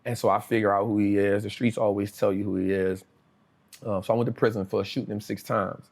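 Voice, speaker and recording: A man's voice: fairly low pitch, fairly quick, vocal fry. A man, a guest telling his life story in casual street slang. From New Orleans, USA. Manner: casual street slang, lively retelling with acted quotes. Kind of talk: interview storytelling.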